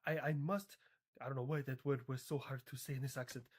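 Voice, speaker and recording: A man voicing a boastful, threatening male national leader in a put-on foreign accent, speaking in halting, stilted sentences. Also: mid-range voice, steady tone, breathy edge, natural voice.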